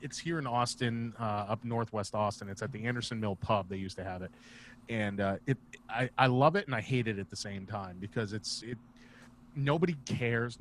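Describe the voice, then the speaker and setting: A male stand-up comedian guesting on a video-call podcast, telling profane, animated stories in a casual chat. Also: fairly low pitch, slight background noise. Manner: profane, animated anecdote teller.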